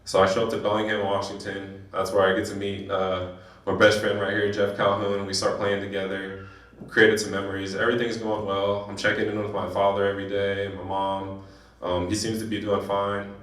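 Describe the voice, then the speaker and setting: A young man from San Diego giving an emotional personal speech at a banquet, telling his story in halting bursts with restarts. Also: fairly low pitch, completely flat delivery, a bit bright. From San Diego, California. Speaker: guest speaker. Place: banquet hall. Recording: echoey hall, voice from a distance.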